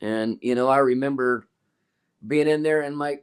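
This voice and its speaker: A man's voice: mid-range voice, normal speed, clean tone. An older man talking casually as a guest, rambling and restarting his sentences as he tells stories. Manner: rambling, self-interrupting storyteller. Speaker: guest musician. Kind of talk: casual conversation.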